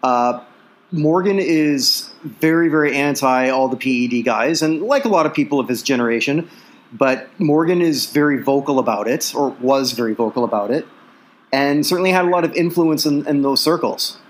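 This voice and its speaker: At a medium pitch and normal speed, this male co-host of a laid-back sports podcast reels off stats, leaning heavily on filler words.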